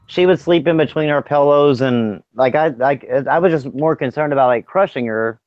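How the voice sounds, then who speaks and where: A man's voice: a little high, moderate pace, no room sound. A man chatting casually on a podcast, telling rambling, profane stories. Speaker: podcast co-host. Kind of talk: casual chat. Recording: dry, dull lo-fi sound.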